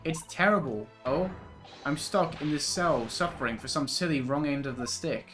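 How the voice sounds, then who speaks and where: A man's voice: on the high side, normal speed, a bit bright, soft background music, lightly acted. A man voicing a melodramatic young male student who wails that he is cursed. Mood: anguished. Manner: theatrical, wailing.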